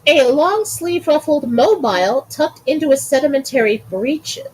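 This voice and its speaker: Woman host, high voice, giggly, casual podcast chat. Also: lively intonation, normal speed, darkish tone, low-quality recording. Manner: giggly, reads with frequent laughs. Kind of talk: casual chat, reading aloud.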